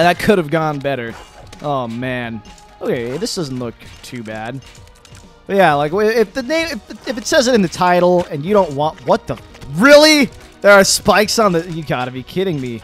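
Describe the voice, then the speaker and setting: A young man casually commenting on his own gameplay, often frustrated and swearing, with a slightly phlegmy voice and sudden yells and laughs. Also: a little high. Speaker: gaming video host. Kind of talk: casual let's-play commentary.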